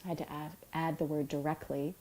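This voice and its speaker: A middle-aged woman, an author, giving a reflective talk about emotions in a soft, unhurried and tender way, with pauses. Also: deep voice, flat delivery, low-quality recording. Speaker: author and yoga teacher.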